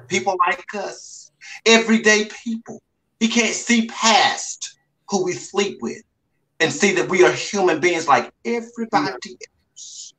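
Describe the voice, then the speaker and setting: Man, podcast co-host, high voice, bright tone, emphatic and indignant. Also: poor audio. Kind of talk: casual commentary chat.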